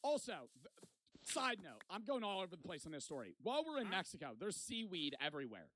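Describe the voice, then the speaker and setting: A man's voice: sits high, huge pitch swings, fairly quick, sharp tone, no echo. A man in his twenties telling a rambling, profane story in casual vlog style. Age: 20s. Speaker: vlogger.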